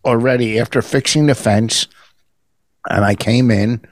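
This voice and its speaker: An older male comedian in a casual bickering chat, defensive and quick to argue with his co-host. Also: medium pitch, fairly even intonation, dry recording.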